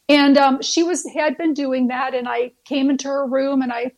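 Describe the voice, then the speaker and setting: A woman's voice: high voice, fairly even intonation, moderate pace. A nurse, a woman, earnestly telling heartfelt stories as a guest, with frequent fillers and restarts. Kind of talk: storytelling guest on a talk show.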